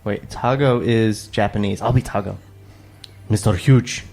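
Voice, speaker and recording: A man's voice: lowish voice, measured pace, darkish tone. A man co-hosting a table read, reading stage directions and joking with his co-hosts. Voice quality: laughs often, sarcastic. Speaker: co-host reading a script. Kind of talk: casual banter at a table read.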